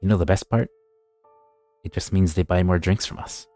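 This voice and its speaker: Dude reading glib folksy fast food manager, low mellow voice, faint music. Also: male voice, fairly even intonation, no echo, close to an everyday voice. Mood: chummy. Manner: chummy, folksy.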